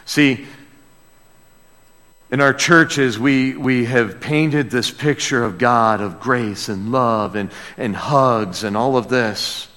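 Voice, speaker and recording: A man's voice: medium pitch, slow pace, a bit bright, long reverb tail. A man preaching a sermon as pastor, talking directly to his congregation and asking them questions. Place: church.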